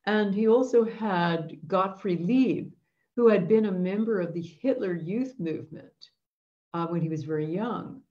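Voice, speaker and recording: A woman's voice: mid-range voice, measured pace, muffled recording. A woman hosting an intention webinar, telling a story in an earnest, reflective way. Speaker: host leading an intention webinar.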